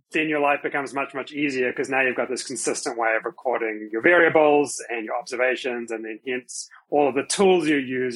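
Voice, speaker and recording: Halting New Zealand man explaining things. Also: medium pitch, a bit bright, rough recording. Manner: thoughtful, halting, self-deprecating. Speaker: guest. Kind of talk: explaining in an interview.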